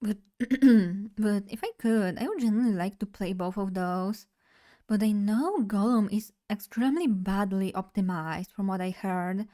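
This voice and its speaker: Here a young woman is streaming live, chatting casually and playfully right to her viewers' chat. She sounds unhurried and mellow, her pitch neither high nor low for a woman.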